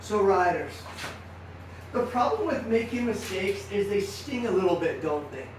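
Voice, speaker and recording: Energetic man coaching riders in echoey hall. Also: sits high, normal speed, a little hiss or hum. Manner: energetic, storytelling, acts out dialogue. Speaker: riding coach. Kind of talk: motivational talk to young riders. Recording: echoey room, far from mic.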